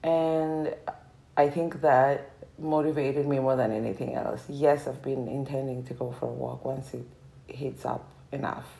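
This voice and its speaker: A woman's voice: a bass voice, fairly even intonation, measured pace, vocal fry, mellow, low-quality recording. A young woman vlogging a casual, meandering life update, her throat sore and strained from talking. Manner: meandering, reflective, trailing off.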